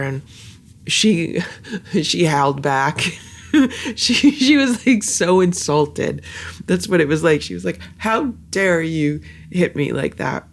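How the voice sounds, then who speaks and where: Creaky-voiced cat vlogger. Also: medium pitch. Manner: chatty, halting with many fillers; soft baby talk to cats. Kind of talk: casual vlog chat. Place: home with cats.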